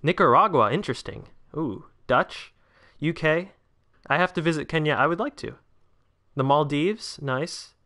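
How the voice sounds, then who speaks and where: A man's voice: on the high side, a little slow. A nineteen-year-old man hosting a casual livestream, chatting with viewers and reading their comments aloud. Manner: chatty, answers chat, bursts out excitedly at big chances. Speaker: livestream host.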